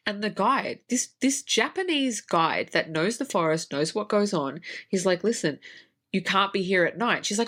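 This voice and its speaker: A horror writer co-hosting a podcast, this woman rants about a film in a casual movie review chat, swearing heavily. Her mid-range voice is a bit bright, with lively intonation and an unhurried pace.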